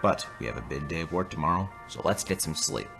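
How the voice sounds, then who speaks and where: A man voicing a gentle, fatherly older male steam engine in a toy train story. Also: a bass voice, lively intonation, quick pace, gravelly, faint music behind, exaggerated voice. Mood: kindly.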